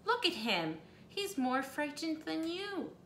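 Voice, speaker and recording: Casting: gentle, reassuring motherly lady, put on by a woman reading a storybook, bright tone, echoey room. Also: high voice, sing-song, slow pace, slight background noise, pitched above the performer's own voice, full character voice. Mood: soothing. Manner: soothing, reassuring. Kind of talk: storybook read-aloud.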